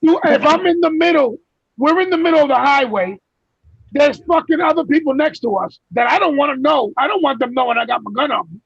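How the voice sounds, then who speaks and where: A man with a very high, gravelly voice tells rough stories from his life over a video call, cursing freely and restarting his sentences. The sound is dry and dead, and the audio is dull and lo-fi. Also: a little fast, a bit bright, dry recording. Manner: profane, rambling storytelling with many restarts. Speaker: guest recounting personal stories. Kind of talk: casual chat on a video call. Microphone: video call mic.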